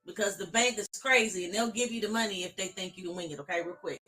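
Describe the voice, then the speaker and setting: A woman's voice: mid-range voice, fast talker, sharp tone. A woman life coach giving a live-streamed motivational talk, speaking emphatically and addressing her viewers directly in a preacher-like cadence.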